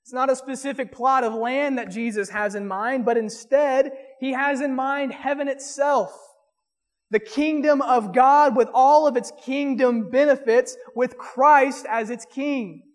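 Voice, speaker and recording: A man, a pastor, preaching a sermon earnestly and reading scripture aloud slowly. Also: very high-pitched, big-room sound.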